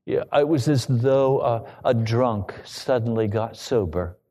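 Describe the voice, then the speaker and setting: A man preaching a sermon, telling a personal story with emotion that rises to loud pleading. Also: medium pitch, unhurried. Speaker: pastor.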